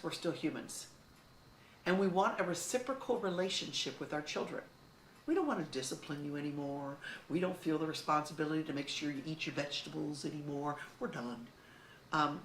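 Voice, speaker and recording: Expressive middle-aged woman in an echoey room. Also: low voice, slight background noise. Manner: expressive, emphatic, storytelling. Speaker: video host. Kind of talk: heartfelt advice talk to camera.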